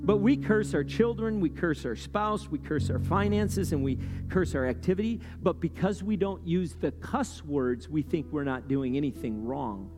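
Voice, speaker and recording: A man preaching a sermon in a loose, conversational way, often checking in with "right?" and climbing in pitch and volume as he gets worked up. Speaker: pastor. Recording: long hall reverb with guitar playing underneath.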